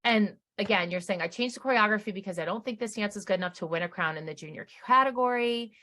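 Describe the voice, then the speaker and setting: A woman's voice: mid-range voice, fast talker. A middle-aged woman co-hosting a podcast, chatting casually and acting out quotes as she recaps. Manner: animated storyteller, acts out quotes. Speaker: podcast co-host.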